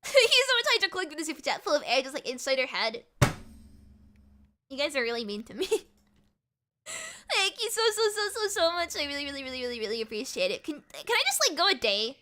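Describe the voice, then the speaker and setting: A young woman streaming and chatting with viewers, talking fast and giggling, with a mixed American and British accent. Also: high-pitched, big pitch swings, bright, forceful tone. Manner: rapid, giggly, repeats words. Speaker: VTuber streamer. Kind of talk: casual live-stream chat with viewers.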